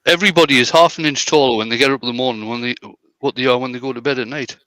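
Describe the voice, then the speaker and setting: A man's voice: medium pitch, steady tone, racing, sharp tone, no echo. A man, a woodturner chatting casually and joking while he works at the lathe in a live stream. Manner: joking, banter-heavy. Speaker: woodturner demonstrating.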